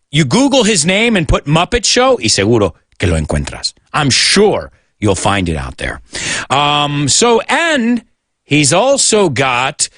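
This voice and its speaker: A man's voice: on the high side, fairly bright tone, no echo. American radio guy teaching english, jokey, voice jumps all over, dry close mic. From United States. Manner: chatty, jokey, switching between English and Spanish. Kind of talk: bilingual radio show, English lessons in Spanish.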